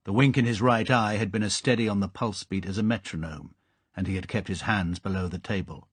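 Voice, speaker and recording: Husky low-voiced male narrator. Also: no room sound. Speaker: audiobook narrator. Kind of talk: scripted narration.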